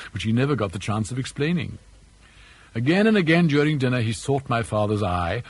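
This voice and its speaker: A man reading an audiobook in scripted narration with a measured, precise delivery. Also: medium pitch, husky, low-quality recording. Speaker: audiobook reader.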